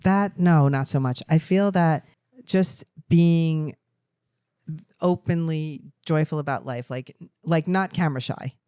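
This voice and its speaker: A woman's voice: low voice, takes it slowly, dark tone, clear, resonant tone, no room sound, studio quality. A middle-aged woman co-hosting a casual family podcast, chatty and emotional, laughing often as a new grandmother.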